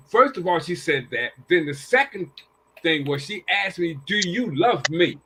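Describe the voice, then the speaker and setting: A man's voice: high-pitched, very animated, normal speed, bright, forceful tone, husky, rough recording. An older man casually telling family stories, acting out what people said and repeating phrases as he goes. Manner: acts out quoted dialogue with a raised voice. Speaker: panel guest. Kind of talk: casual storytelling.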